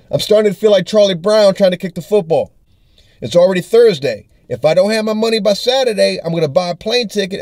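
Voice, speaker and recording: A man's voice: sits high, a little mellow, no room sound, studio quality. A young adult man, a touring comedian, telling an angry, profane story in a video diary and acting out the texts and calls. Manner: angry, profane storytelling that acts out text exchanges.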